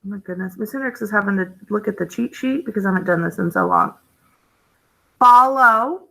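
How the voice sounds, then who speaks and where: A woman's voice: mid-range voice, moderate pace, gravelly, bright, forceful tone, low-quality recording. A woman teaching a phonics lesson to young children, thinking aloud as she codes words and gasping with delight at each new rule. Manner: encouraging, gasps with delight at new rules.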